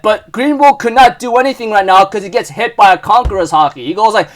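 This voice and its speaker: A young man casually recapping a manga chapter, rambling with lots of fillers and restarts, getting excitable. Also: high-pitched, a little fast, few pauses.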